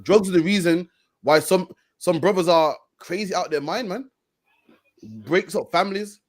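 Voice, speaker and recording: A man with a fairly high voice preaches on a stream. He hammers his points through repetition and ends his phrases with "man.". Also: lively intonation, moderate pace. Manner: preachy, repeats "man" and "all you care about". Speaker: street preacher co-host. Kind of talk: stream discussion.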